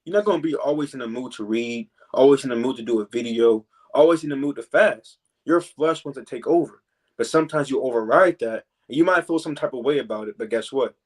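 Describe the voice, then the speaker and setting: A man teaching from scripture in a relaxed preaching style, filling pauses with "man" and "you know" and reading verses slowly. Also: mid-range voice. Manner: reads verses slowly and deliberately.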